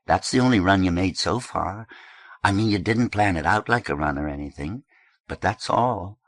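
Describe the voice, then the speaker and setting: A man's voice: deep voice, normal speed, no echo. A man voicing a laid-back, offhand teenage boy in an audiobook.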